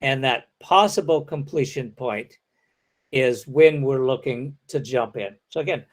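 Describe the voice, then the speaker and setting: A man's voice: mid-range voice, unhurried. A man giving an academic lecture, explaining step by step and acting out example sentences.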